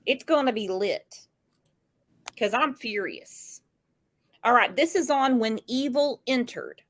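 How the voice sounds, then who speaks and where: A woman's voice: fairly high pitch, slow, fairly bright tone. A woman hosting a true crime commentary, talking casually with sarcastic, mocking asides.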